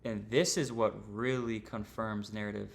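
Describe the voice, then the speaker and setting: A man's voice: lowish voice, fairly even intonation, normal speed, gravelly. A young man teaching trading on a livestream, casual and rambling, full of slang and fillers. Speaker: trading streamer.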